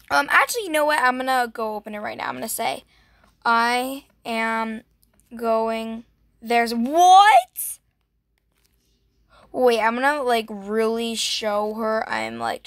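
This gaming vlogger, a young woman, chats casually while she plays, gushing, gasping and filling her talk with "like." Her voice is on the high side with a fairly bright tone, and the recording is dry.

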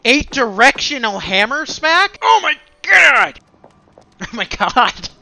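A gaming streamer delivers loud, excitable let's-play commentary, gasping and cracking crude, sarcastic jokes over faint game music. His voice is very high-pitched and creaky, and he takes things slowly.

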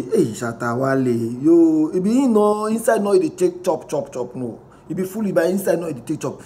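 A man with a Ghanaian accent giving casual vlog commentary, reading posts aloud in an animated way, mixing pidgin and English and chuckling often. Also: on the high side, brisk, hardly any pauses. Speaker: vlogger reacting to online posts.

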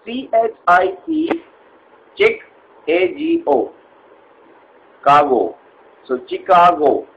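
A man doing an irate, impatient customer who spells everything out bluntly. His voice sits high and swings widely in pitch, slowing down to hammer his point home. The recording is slightly dull, with a faint hiss behind it. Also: wildly swooping pitch, exaggerated voice. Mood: exasperated. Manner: exasperated, blunt, spells letters out loudly. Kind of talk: comedy sketch.

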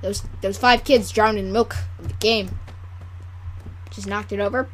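A woman's voice: mid-range voice, steady tone, unhurried, a little hiss or hum. A woman rambling through casual, goofy gameplay commentary. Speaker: gameplay video creator.

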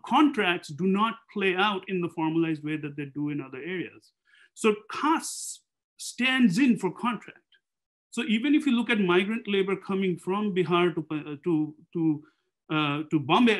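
A man's voice: high voice, fairly bright tone. A man speaking as a panelist in an academic seminar, thinking aloud in a discursive way and posing rhetorical questions.

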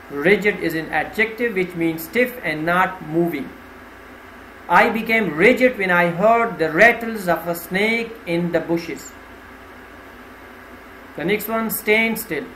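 Slow-talking male teacher, high voice. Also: fairly bright tone. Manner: slow, deliberate, stressing syllables. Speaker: English teacher. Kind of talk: vocabulary lesson, reading words and example sentences. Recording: roomy with faint ambient noise.

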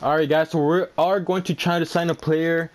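A young man giving live commentary over his own gameplay, excitable, shouting and swearing at the game. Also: on the high side, moderate pace. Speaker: gamer.

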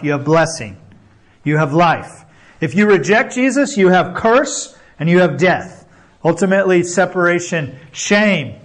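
A man preaching a sermon, earnest and exhorting, often checking in with the listeners and building emphasis through repeated phrases. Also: sits high. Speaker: pastor.

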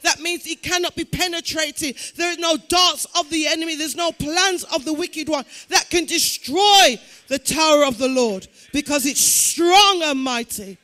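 A woman's voice: high-pitched, measured pace, hardly any pauses. Impassioned woman pastor praying in tongues. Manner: impassioned, sing-song cadence, shouted declarations. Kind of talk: fervent prayer and preaching with speaking in tongues. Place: church building.

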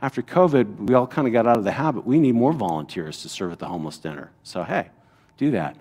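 A middle-aged male pastor teaching a church Bible lesson at a medium pitch. He talks in a loose, conversational way, full of rhetorical questions, and tags his points with a quick "right?". His delivery is plain and unhurried, more chat than pulpit oratory. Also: animated, a little mellow.

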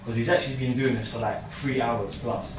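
A man's voice: mid-range voice, steady tone, brisk. A young man, heated and swearing in a staged prank argument, recorded indoors far from the mic. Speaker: prank vlogger. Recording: roomy, far from the mic, noisy.

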